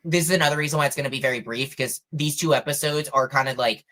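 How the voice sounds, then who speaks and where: A man's voice: fairly high pitch, fast talker. Rambling young man on a podcast. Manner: rambling, animated retelling with many fillers and restarts. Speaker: podcast co-host. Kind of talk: casual podcast chat.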